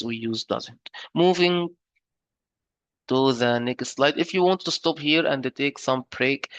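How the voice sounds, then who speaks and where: Male teacher for a recorded lesson: unhurried, patient explainer, middle-pitched voice, dry room. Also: no room sound. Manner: slow, deliberate explanations with fillers and checks. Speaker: English teacher.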